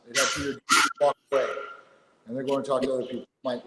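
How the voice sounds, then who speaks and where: A man's voice: medium pitch, very fast, slight background noise. Blunt man in a roomy echo. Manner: blunt, animated. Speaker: guest. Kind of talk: casual video call chat. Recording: echoey room with long reverb.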